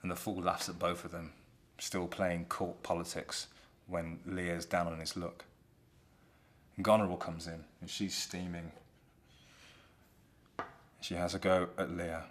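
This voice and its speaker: A man retelling a play in a relaxed, conversational way. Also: low-pitched, a little slow, pauses often. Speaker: storyteller.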